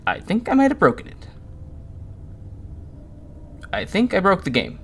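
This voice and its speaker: A man's voice: high voice, huge pitch swings, unhurried, long pauses, a bit bright, slight background noise. Jumpy, swearing man playing a horror game. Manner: jumpy, swears a lot, panicky muttering. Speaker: gaming YouTuber. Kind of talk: horror game let's play commentary.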